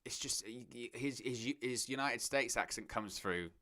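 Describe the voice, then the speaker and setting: A man at a measured pace, his medium-pitched voice pushed and bright, hosts a live watch-along. He talks casually to his viewers, reads chat and works through his thoughts out loud.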